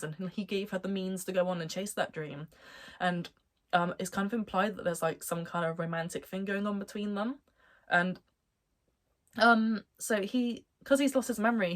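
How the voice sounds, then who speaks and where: Chatty young woman gushing about anime. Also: on the low side. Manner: rambling, enthusiastic, many fillers like "um" and "like". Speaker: anime reviewer. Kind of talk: casual chat.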